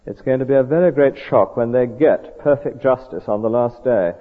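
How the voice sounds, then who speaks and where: Earnest preacher in a tinny hall. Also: male voice, mid-range voice. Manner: earnest, measured, conversational. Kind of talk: sermon. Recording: tinny echoey hall recording.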